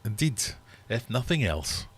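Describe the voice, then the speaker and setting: Deep-voiced jokey quiz host. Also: male voice, very animated, measured pace, slightly rough. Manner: chatty, jokey, teasing viewers. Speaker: livestream host running a quiz. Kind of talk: casual live-stream chat. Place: home fish room.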